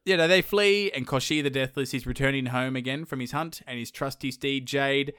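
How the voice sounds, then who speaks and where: A man retelling a folktale for comedy, chatty and animated as he slips into the characters. His recording is dry and close to the mic. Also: medium pitch, fairly quick, smooth, dry recording. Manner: casual, animated, acts out voices. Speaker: podcast host.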